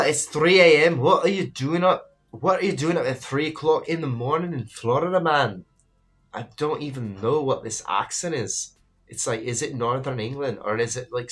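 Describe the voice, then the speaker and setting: Man, lowish voice, late-night live stream host, casual rambling chat, reads comments aloud, faint music underneath. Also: fairly bright tone. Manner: rambling, reads chat aloud, calls viewers bro and brother.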